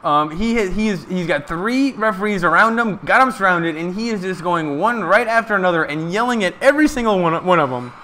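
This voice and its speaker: A man giving casual, excited live play-by-play of a ball game from a stream, chatting to his viewers. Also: high voice, fairly quick, hardly any pauses.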